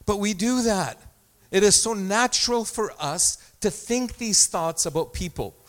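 A man's voice: sits high, measured pace, fairly bright tone. A man preaching a sermon as pastor, talking in a conversational way with self-deprecating asides and small stories.

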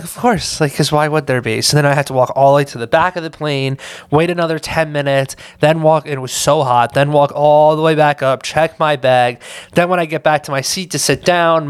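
A man's voice: medium pitch, clear, resonant tone, no room sound. A man hosting a casual solo podcast, tired and drained, rambling with lots of fillers and asking "right?". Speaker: podcast host.

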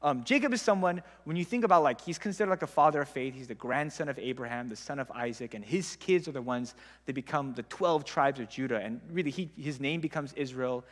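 A young man with a medium-pitched, fairly quick voice gives a casual, conversational Bible talk full of "like" fillers. The Bible teacher is recorded with long hall reverb.

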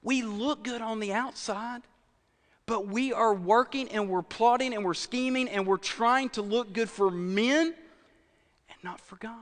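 A man's voice: very high voice, measured pace, in a large hall. A man preaching a sermon in a conversational way, dropping at times from full voice to a near whisper. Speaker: pastor.

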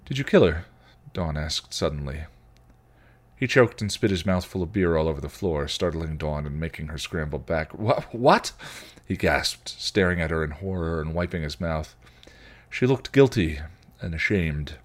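Podcast host, male, very deep voice, expressive read-aloud narration. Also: normal speed. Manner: expressive storytelling. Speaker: podcast host reading a story. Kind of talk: reading fan fiction aloud.

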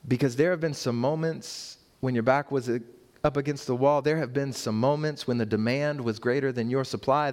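A man preaching a sermon to his congregation, with rhetorical questions, emphatic repeated phrases and playful asides to the church. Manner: builds in pitch and force toward emphatic points, with rhetorical questions. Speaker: pastor.

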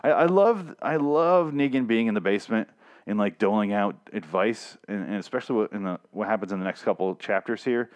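A man's voice: on the low side, fairly quick. A man casually recapping a comic series, rambling and swearing, with lots of restarts and fillers. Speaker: comic reviewer.

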